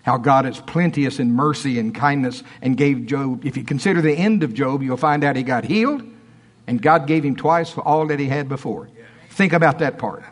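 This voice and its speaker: A man preaching a sermon in church, emphatic and folksy, swinging between loud outbursts and quiet asides. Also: mid-range voice, moderate pace.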